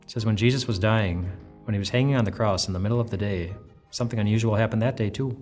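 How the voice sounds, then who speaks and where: Low-voiced pastor giving a devotional. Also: male voice, fast talker, darkish tone, soft background music. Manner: earnest, conversational, frequent restarts. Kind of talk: devotional teaching.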